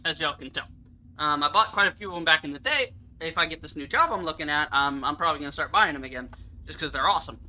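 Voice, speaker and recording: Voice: medium pitch, bright, forceful tone, poor audio. A gaming streamer giving casual live commentary, rambling, swearing freely and laughing often.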